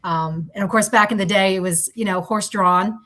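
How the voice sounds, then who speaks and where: A woman's voice: medium pitch, fairly even intonation, brisk, sharp tone. A woman from Philadelphia co-hosting a podcast, chatting casually with many fillers. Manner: chatty, friendly, filler-heavy. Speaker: podcast co-host.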